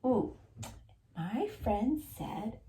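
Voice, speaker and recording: Woman teaching young children, animated pitch. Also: echoey room. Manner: slow and clear for young children. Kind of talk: classroom lesson.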